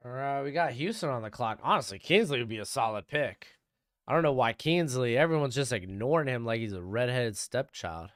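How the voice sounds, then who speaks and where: A young man hosts a live stream from home and chats offhand about each pick while answering questions from his viewers. His pitch swings up and down a lot as he talks. The voice comes through clean and smooth. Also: expressive, a little fast, fairly bright tone. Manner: chatty, answers chat questions, offhand opinions. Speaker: live stream host reacting to draft. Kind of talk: casual live-stream commentary.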